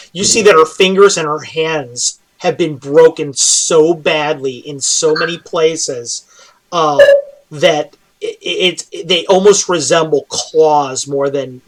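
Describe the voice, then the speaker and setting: A man's voice: fairly high pitch, poor audio. A man narrating a tabletop role-playing game as game master, casual and full of fillers.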